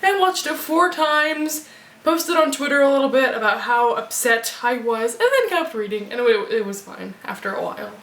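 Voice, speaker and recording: A young woman giving a casual book review vlog, gushing and excitable like a fangirl. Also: high-pitched, moderate pace, roomy sound, slight background noise. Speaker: book vlogger.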